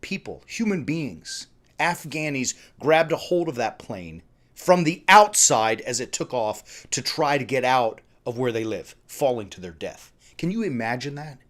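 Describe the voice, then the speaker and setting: An agitated man rants on his livestream, picking apart news headlines. His voice sits at a middling pitch. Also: sing-song, unhurried. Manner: agitated, ranting, reads headlines aloud. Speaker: host of faith livestream. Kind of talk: ranting livestream commentary. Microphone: streaming setup.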